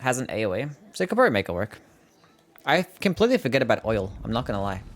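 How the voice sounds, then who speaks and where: A man's voice: medium pitch, big pitch swings, rapid-fire. Laid-back Australian man streaming a game. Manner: laid-back, swears freely, answers chat. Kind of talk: casual gameplay commentary.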